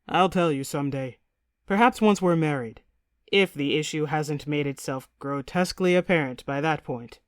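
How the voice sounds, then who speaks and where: A woman voicing an earnest, nervous young prince in an audiobook, speaking in a measured, gentle way. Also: deep voice, dry recording, clean studio sound, close to an everyday voice. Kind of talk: audiobook character reading.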